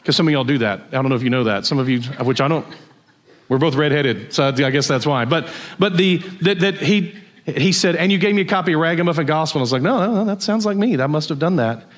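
A pastor delivers a sermon in a loose, conversational way. He tells stories and puts questions to his listeners. His voice sits somewhat high for a man. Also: fast talker. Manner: storytelling, conversational, asks the audience questions.

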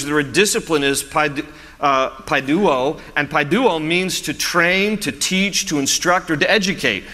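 A man preaching a sermon as a pastor, animated and storytelling, often restarting his phrases. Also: fairly high pitch, big-room sound.

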